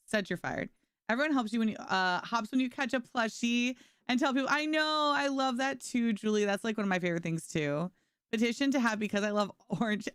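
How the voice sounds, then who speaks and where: A woman's voice: mid-range voice, fairly bright tone, smooth, no echo, studio quality. A young woman streamer chatting casually and bubbly with her viewers while she plays a game. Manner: bubbly, talks to chat and her dog, lots of "like". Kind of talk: casual live-stream chat.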